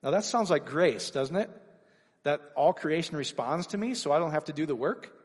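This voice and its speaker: A man preaching an informal sermon, energetic and full of rhetorical questions and sudden exclamations. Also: on the high side, normal speed, husky, big-room sound.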